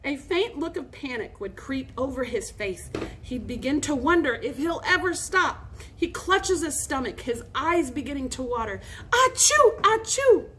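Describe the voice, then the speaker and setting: A scheming young boy who acts out his plans with big, theatrical sneezes, as a woman reading a storybook plays him. His voice is high and very lively. Faint room hum lies beneath. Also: moderate pace. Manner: animated, acting out scenes.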